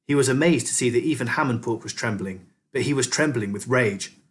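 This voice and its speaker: A man reading a children's novel aloud as a teacher, expressive storyteller. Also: mid-range voice, fairly quick.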